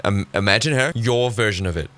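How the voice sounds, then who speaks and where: A man giving sarcastic, animated commentary as he reacts to clips on his channel. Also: fairly low pitch, fairly quick, no echo.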